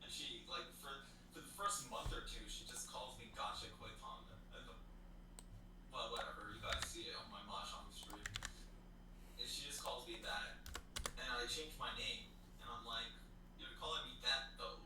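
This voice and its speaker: A man's voice: mid-range voice, normal speed. A man co-hosting a podcast, chatting loosely and laughing often while fiddling with slime. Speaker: podcast co-host. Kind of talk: casual chat. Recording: echoey room, mic at a distance, audible background noise.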